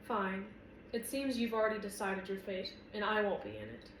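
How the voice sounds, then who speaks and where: A woman's voice: a little high, animated, brisk, echoey room, noisy background, natural voice. A woman reading the lines of a blunt, intense young male warrior who protects the woman he loves, in an audiobook. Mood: clipped.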